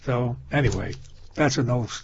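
A man's voice: mid-range voice, moderate pace, gravelly, husky. An older man in casual chat, rambling through stories with many restarts and laughing at his own jokes. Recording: dull lo-fi sound.

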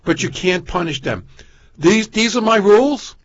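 A man's voice: sits high, animated, normal speed. A man hosting a casual chat, cutting in with dry wisecracks. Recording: dull lo-fi sound.

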